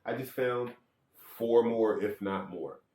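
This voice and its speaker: A man's voice: on the low side, takes it slowly, dark tone, reverberant. A man giving a casual, rambling how-to on checking an electric skateboard, counting threads and bolts aloud, correcting himself and joking as he goes.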